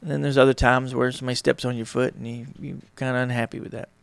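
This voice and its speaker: A man's voice: medium pitch, level tone, fast, creaky, clear, resonant tone, dry recording. A man hosting his own podcast, talking casually and rambling, sometimes acting out small dialogues. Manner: rambling, conversational, acts out little dialogues. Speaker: podcast host. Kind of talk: casual solo talk on relationships.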